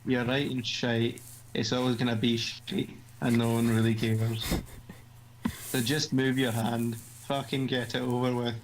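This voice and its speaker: A bossy schoolgirl club president gives writing advice full of swearing and mockery, read by a Scottish man. The voice stays mid-pitched and deadpan. A faint hiss lies behind it. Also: a little slow, close to an everyday voice, rough recording. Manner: foul-mouthed, mocking, deadpan.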